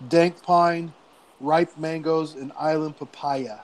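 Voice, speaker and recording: A man from Idaho, a guest on a casual beer chat show, talking in a relaxed, rambling way. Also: fairly high pitch, slow pace.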